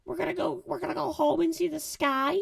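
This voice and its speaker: A man's voice: very high-pitched, steady tone, brisk, vocal fry, no room sound, clean studio sound, voice pushed up, heavily acted. A man voicing a hopeful young male raccoon who asks in an eager, pleading way.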